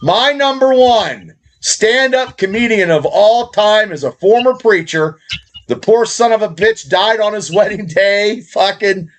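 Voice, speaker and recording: A man's voice: high-pitched, a little hiss or hum. A middle-aged man co-hosting a podcast, talking casually with lots of swearing and rambling. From Indiana, USA. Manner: profane, rambling, fast. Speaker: podcast co-host.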